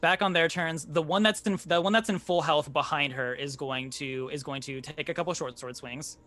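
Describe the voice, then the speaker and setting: A man's voice: a little high, steady tone, normal speed, bright, forceful tone. A man running a tabletop game as game master, narrating combat loosely with fillers and swearing.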